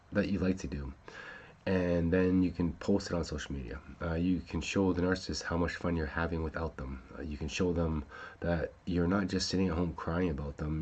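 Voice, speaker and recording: A man's voice: rumbling low, dull audio, slight background noise. A man hosting a casual talk show, rambling with many fillers and restarts and swearing when upset. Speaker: podcast host.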